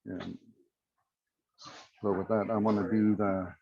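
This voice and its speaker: Male storyteller on a video call, low and dark-toned, unhurried with many pauses, lo-fi audio. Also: little pitch movement, vocal fry. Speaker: prayer circle participant.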